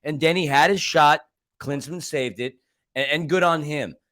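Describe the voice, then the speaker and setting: A man's voice: a little high, normal speed, a bit bright. Emphatic male fan-podcast co-host. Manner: emphatic, dramatic storytelling with asides. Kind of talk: fan podcast match recap.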